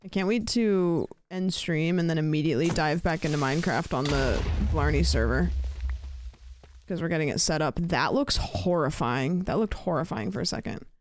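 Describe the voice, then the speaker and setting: A woman's voice: low voice, moderate pace, slight background noise. Casual, sweary woman streamer. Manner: casual and sweary, talking to herself and chat while playing. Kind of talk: casual gaming livestream chat.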